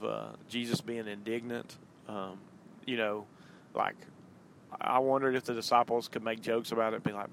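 A podcast host rambles casually behind the wheel, filling his talk with ums and uhs. He has a mid-range voice with vocal fry and fairly even intonation, speaking at normal speed, and there's a little hiss or hum.

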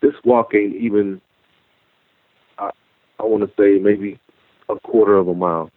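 A man telling his own story as a guest, halting and repeating words as he goes. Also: on the low side, steady tone, dry recording. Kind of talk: personal storytelling. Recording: tinny phone-like line.

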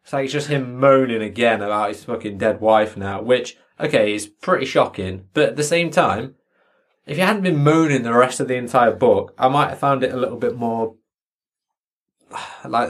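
Brief: man, podcast co-host, sarcastic and sweary, mid pitch. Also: normal speed. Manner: sweary, sarcastic, mocking retelling. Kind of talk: casual book chat.

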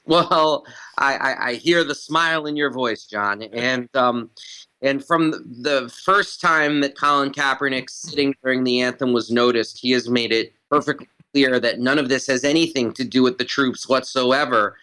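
Guy on an interview breaking down an argument, bright forceful voice, keeps hammering his points. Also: mid-range voice, moderate pace, clear, resonant tone, low-quality recording. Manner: emphatic, repeats phrases for stress. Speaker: guest commentator. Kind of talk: analytical interview talk.

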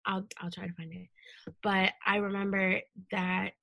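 A woman's voice: mid-range voice, little pitch movement, moderate pace, vocal fry, pushed and bright, no echo. A young woman in her twenties, a podcast guest, telling an emotional personal story in casual conversation, earnest and full of fillers.

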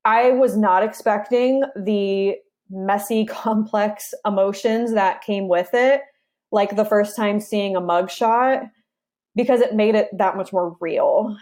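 A woman's voice: medium pitch, takes it slowly, a little mellow. A woman in her thirties, an interview guest, telling a personal story in an earnest, conversational way with frequent restarts.

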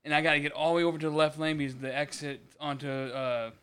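Brief: young male co-host, somewhat high and clear voice, easygoing and swearing. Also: fairly even intonation, fast talker, a bit bright. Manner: laid-back, profane banter. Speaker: podcast co-host. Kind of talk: casual podcast chat.

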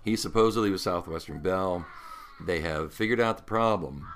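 A man in his sixties, a longtime radio host, tells stories in an interview with a lowish voice, speaking a little slowly with vocal fry. He's an animated storyteller who laughs through his tales, and the recording has a little hiss or hum.

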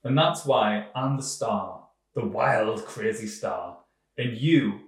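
A man hosting a comedy podcast, overconfident and deadpan, brushing off his mistakes. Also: lowish voice, slow pace, echoey room, far from the mic. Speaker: podcast host.

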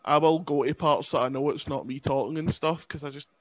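A man's voice: on the high side, brisk. Chatty Scottish man, lo-fi podcast sound. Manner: chatty, self-mocking, laughs often. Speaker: podcast host. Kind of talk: casual chat.

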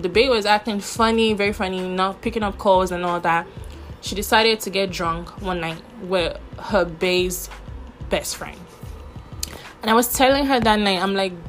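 A woman's voice: medium pitch, fairly bright tone. A woman hosting a podcast, telling a personal story in a candid, chatty way, swearing freely and using lots of fillers. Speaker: podcast host. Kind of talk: casual storytelling monologue.

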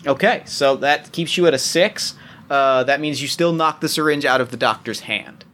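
A man narrating as game master, talking in halting bursts full of restarts and fillers. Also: mid-range voice, pushed and bright, slight background noise.

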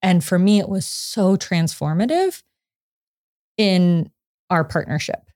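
Animated woman telling a story on a podcast. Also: lowish voice, slow pace, no echo, studio quality. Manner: animated storytelling, acts out quotes, laughs often. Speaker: psychotherapist guest. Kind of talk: casual podcast conversation.

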